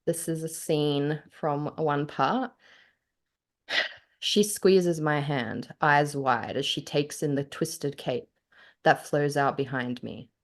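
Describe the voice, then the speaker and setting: A woman's voice: deep voice, slow pace. An Australian woman, a podcast co-host and author, chatting casually and reading her own story aloud with feeling, often laughing. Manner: animated, laughs often, gets choked up.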